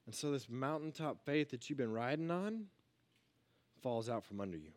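A man giving a casual youth sermon, energetic and full of rhetorical questions, swinging between loud and hushed. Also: medium pitch, normal speed. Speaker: youth pastor.

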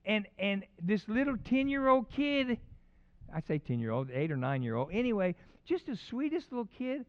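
A man's voice: sits high, sing-song, moderate pace, smooth, muffled recording. A man preaching a sermon as pastor, telling rambling personal stories with many restarts.

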